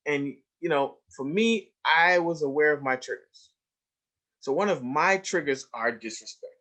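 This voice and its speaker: A man's voice: on the high side, lively intonation, a little slow. An emphatic man telling classroom stories. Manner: emphatic storyteller, swings between hushed and raised, stretched phrases; addresses listeners directly with "right?" and "you see?". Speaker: trauma educator presenting a webinar. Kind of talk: webinar lecture with storytelling.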